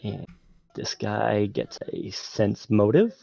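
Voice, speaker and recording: A man's voice: fairly low pitch, animated, takes it slowly, creaky, warm tone, no room sound, lo-fi sound. A man narrating a tabletop game as game master, in a hesitant way with many fillers.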